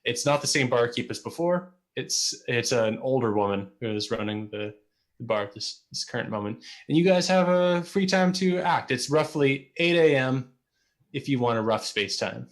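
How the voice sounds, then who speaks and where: A man running a tabletop game as game master, narrating scenes in a relaxed, rambling way with many repeated words. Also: medium pitch, moderate pace.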